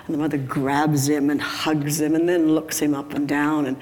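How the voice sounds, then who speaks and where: A woman's voice: sits low, level tone, normal speed, darkish tone. An older woman preaching a sermon, telling a joke and chuckling often, sometimes acting out voices. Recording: hall reverb with faint background noise.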